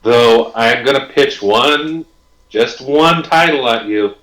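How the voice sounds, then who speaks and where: A man's voice: medium pitch, slow, fairly bright tone. A man co-hosting a podcast in a mid-range voice, joking crudely and talking animatedly. The room around him is noticeably roomy and echoey. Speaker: podcast co-host. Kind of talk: casual podcast chat.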